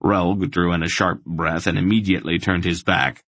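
A man narrating an audiobook in a steady, even storytelling voice. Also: low voice, normal speed, no echo.

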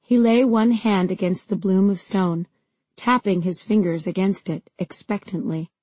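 Mellow, husky woman narrating a fantasy audiobook. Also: mid-range voice, steady tone, measured pace, no echo, poor audio. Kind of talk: scripted first-person fantasy narration.

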